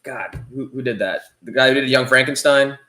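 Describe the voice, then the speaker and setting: A man co-hosting a podcast in casual chat, excitable and rambling with frequent restarts. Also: mid-range voice, moderate pace, a loud crowd. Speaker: podcast co-host. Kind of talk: casual chat about toys and movies.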